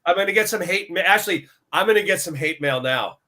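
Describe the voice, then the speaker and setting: A man's voice: high voice, expressive, fast talker, sharp tone. A man with a slightly raised voice talks casually on a discussion panel. He often acts out his conversations with suppliers as quoted dialogue, with plenty of fillers. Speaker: lumber buyer on a market talk show.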